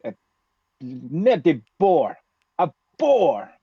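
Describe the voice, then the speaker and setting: A man playing a character in a tabletop game, speaking in a halting, earnest way. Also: fairly high pitch, big pitch swings, gravelly, breathy edge, no echo. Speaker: player. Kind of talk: in-character tabletop role-play. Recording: dull lo-fi dry mic.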